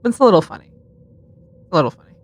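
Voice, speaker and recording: A woman's voice: racing, no echo. A woman co-hosting a casual podcast, telling true-crime stories with sarcastic asides and frequent giggles. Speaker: podcast co-host.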